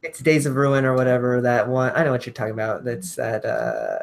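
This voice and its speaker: A man's voice: mid-range voice, expressive, brisk, creaky. A man hosting a casual gaming podcast, easygoing and steering the topics. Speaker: podcast host.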